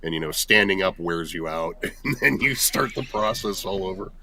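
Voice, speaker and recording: A man's voice: low-pitched, animated, normal speed, bright, forceful tone. A man with a cold, sounding congested, chatting in a rambling, weary way as a guest at a jam. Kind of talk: casual chat.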